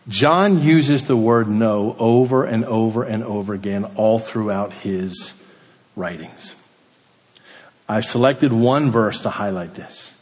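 A man preaching a sermon, building emphasis on key words and then dropping to a quiet hush. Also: mid-range voice, long reverb tail. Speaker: pastor.

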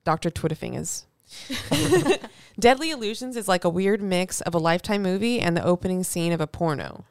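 A woman's voice: lowish voice, lively intonation, normal speed, no echo, studio quality. A young woman co-hosting a podcast, chatting casually, reading tweets aloud and laughing often. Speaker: podcast co-host.

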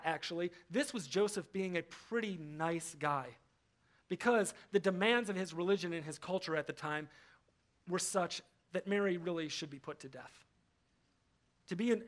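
A young adult man preaching a sermon as pastor in a church, animated, acting out quoted voices and repeating words as he stresses his points. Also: high-pitched. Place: church hall.

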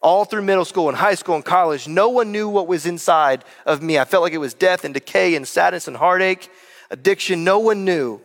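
A man's voice: on the high side, a bit bright. Earnest preacher man in a reverberant hall. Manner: earnest, direct address to listeners. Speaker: pastor. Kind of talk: sermon.

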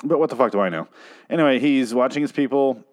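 A man's voice: mid-range voice, fast. A man recapping a TV episode in a rambling, sarcastic, heavily profane comedic style. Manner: rambling, sarcastic, swears a lot. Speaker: podcast host recapping a TV episode.

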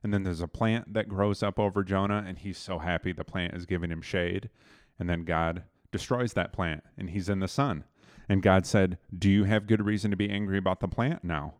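A man's voice: low-pitched, steady tone, normal speed, dry recording, clean studio sound. A man casually retelling a Bible story to a co-host, loose and conversational, with fillers and restarts.

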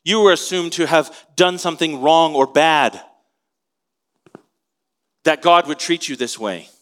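A man's voice: on the high side, measured pace, fairly bright tone, clear, resonant tone. A man preaching an expository sermon in a conversational way, asking his listeners questions as he teaches. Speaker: pastor.

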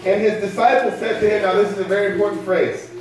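A man with a high voice preaches a sermon in a loose, conversational way and keeps asking his listeners questions. He is picked up from far off in a strongly echoing church hall. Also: steady tone, fast talker. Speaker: pastor.

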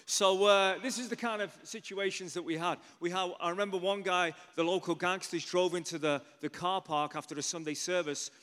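A man preaching in a loose storytelling way, full of "you know" asides and animated turns. His voice sits fairly high for a man, and the sound rings with a long hall reverb. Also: a little fast, hardly any pauses. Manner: chatty, animated, many asides. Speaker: pastor. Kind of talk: storytelling sermon.

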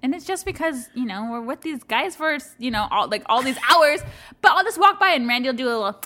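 A woman's voice: high voice, lively intonation, fairly quick, bright, forceful tone. A young woman co-hosting a podcast, chatting casually and laughing often as she acts out what people said. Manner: laughs often, quotes people in playful voices. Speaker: podcast co-host. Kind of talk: casual chat.

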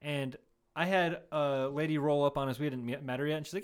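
A man's voice: a little high, fast, smooth. A laughing, profane male podcast host. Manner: laughs often, profane, rambling storyteller. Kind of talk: casual chat.

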